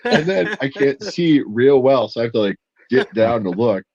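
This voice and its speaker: A man's voice: medium pitch, big pitch swings, normal speed, darkish tone, muffled recording. A man telling a funny story in casual chat as a podcast co-host, laughing and swearing as he goes.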